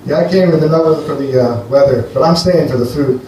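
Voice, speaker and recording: A man from Greece doing a rambling, deadpan stand-up set for a live audience at a comedy venue. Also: medium pitch, fast talker, hardly any pauses, far from the mic, noisy background. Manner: rambling, deadpan, playful with the crowd. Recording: echoey live room, heard from afar.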